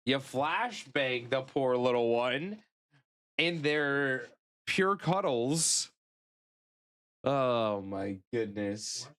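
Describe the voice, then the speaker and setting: Male streamer, casual live chat, very unhurried delivery, playful and cooing. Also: medium pitch, expressive, fairly bright tone, clear, resonant tone. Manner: playful, coos over pets in baby talk.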